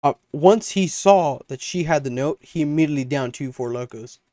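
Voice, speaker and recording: A man's voice: a little high, moderate pace, dark tone, dry recording, clean studio sound. A young man co-hosting a podcast, telling a long story in a rambling casual way and acting out his friends' lines. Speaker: podcast co-host.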